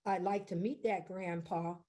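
A woman storyteller voicing a calm, kind male school principal, speaking gently, slowly and reassuringly. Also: lowish voice, natural voice. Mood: gentle.

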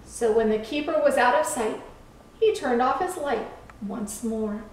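A woman's voice: on the high side, a little hiss or hum. Woman reading a children's story, echoey. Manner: slow, expressive, kid-friendly. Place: church room. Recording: echoey room, far from mic.

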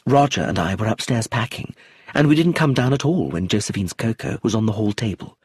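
A man voicing a curt, defensive middle-aged woman in an audiobook, with a husky lifted voice. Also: lowish voice, expressive, brisk, a little mellow, no room sound, studio quality.

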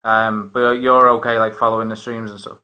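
A man's voice: on the low side, level tone, a little fast, highs cut off. A man hosting a casual chat, rambling with many restarts and fillers. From northern England. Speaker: host.

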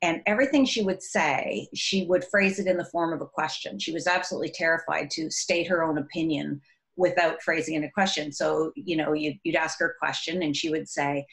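Low-pitched middle-aged woman, educator, earnest and warm-hearted interview delivery, lively in anecdotes. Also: fairly quick. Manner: earnest, animated when telling classroom stories. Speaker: author and educator. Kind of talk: recorded interview.

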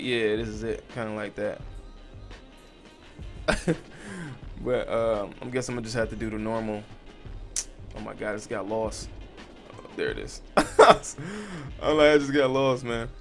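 A man's voice: lowish voice, steady tone, a little slow, gravelly, pauses often, soft background music. A young man giving casual, swear-heavy let's-play commentary and chatting to his viewers while he plays. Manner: frustrated, swears a lot, talks to the viewers. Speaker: gaming channel host.

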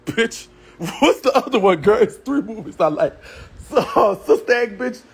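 A man's voice: high-pitched, lively intonation, slow pace, gravelly, pauses often, breathy edge. A man ranting on a livestream, brash and profane, trash-talking with a Southern US accent and frequent laughs. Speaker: live streamer. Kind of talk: livestream rant.

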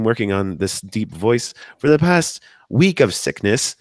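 Podcast host, male, hoarse from a cold, chatty and upbeat, dry close-up sound. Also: big pitch swings, measured pace, no room sound. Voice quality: deep from sickness. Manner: chatty, upbeat, wanders off topic. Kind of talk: live podcast hosting.

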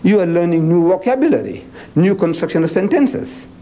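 A South African man lectures a live audience on religion in a fairly high yet mellow voice. He jumps between playful back-and-forth, mock dialogues and rapid Arabic recitation. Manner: animated, acts out dialogues and teases the audience; recites Arabic scripture quickly between English lines. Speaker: Islamic preacher and lecturer.

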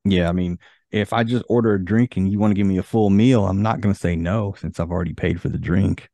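A man's voice: low voice, steady tone, quick pace, dark tone, dry recording. A man hosting a podcast in casual chat, easygoing and reading from an article. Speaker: podcast host.

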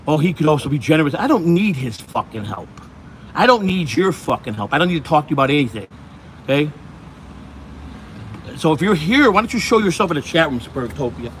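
A man rants on a phone livestream while out walking in the heat, swearing and repeating himself. His voice sits fairly high for a man. Faint traffic hum runs behind him. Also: fairly bright tone. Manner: profane, ranting, repetitive. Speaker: host. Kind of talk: angry livestream rant. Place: outdoors, walking in hot sun.

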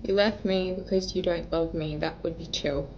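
A woman's voice: on the low side, steady tone, normal speed, darkish tone, lo-fi sound, slight background noise. A young woman vlogger making an emotional message to camera, pleading and tearful, her voice breaking as she cries at times. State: crying at times.

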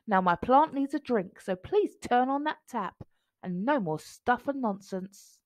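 A woman reading aloud and voicing a small, brave, cheerful male mouse who speaks in a squeaky, excited way. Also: a little slow, no room sound. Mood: cheerful, firm.

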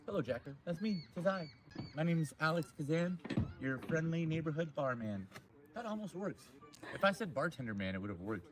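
A man hosting a casual outdoor live stream by a lake, joking and rambling in an animated way. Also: a little high, fairly quick, crowd noise.

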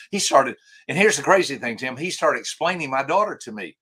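An older man with a bright, forceful voice tells a story as a podcast guest. He is animated and acts out each quoted line, stumbling over his restarts as he goes. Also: medium pitch, a little fast, few pauses, breathy edge. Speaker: guest, author and trainer.

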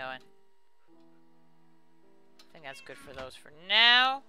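A man's voice: on the high side, big pitch swings, slow pace, pauses often, pushed and bright, soft background music. A man hosting a casual let's play, chatting to viewers and poking fun at himself. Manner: chatty and self-mocking, talks to viewers.

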